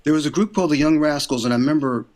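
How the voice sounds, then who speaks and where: An older man, an interview guest, telling career stories in a casual, animated way and acting out quotes in a raised voice. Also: a little high, very fast. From United States. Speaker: interview guest, recording engineer and producer.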